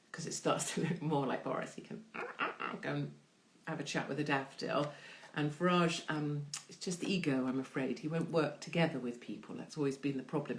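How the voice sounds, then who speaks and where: A woman hosting her own online show in a casual live-stream chat, answering viewer questions in an irreverent, chatty way with free swearing and big jumps in pitch when she reads questions aloud.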